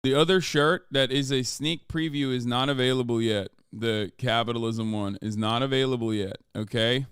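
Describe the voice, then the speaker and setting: Profane, exasperated male streamer, smooth voice. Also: mid-range voice, normal speed, few pauses, fairly bright tone, dry recording, studio quality. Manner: profane, exasperated, reads chat comments aloud. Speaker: livestreamer selling merch. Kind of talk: casual livestream chat.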